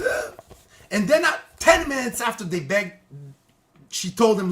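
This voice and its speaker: Animated storyteller with a bright, lively voice. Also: medium pitch. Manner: lively, acts out quotes, keeps addressing listeners as guys; halting restarts and repeated words. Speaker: religious teacher.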